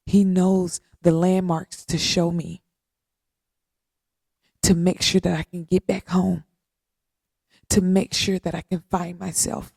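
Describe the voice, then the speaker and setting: A woman hosting a podcast, giving a heartfelt, faith-based talk, speaking earnestly with repetition and long pauses. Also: on the low side, flat delivery, gravelly, darkish tone, no echo, clean studio sound. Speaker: podcast host.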